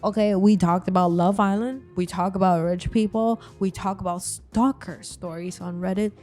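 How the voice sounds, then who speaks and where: Young woman, vlog host, slangy and chatty, warm mellow tone, faint music bed. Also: medium pitch, fairly even intonation, normal speed. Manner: chatty and slangy, addressing viewers directly. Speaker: vlogger. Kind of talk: casual commentary vlog.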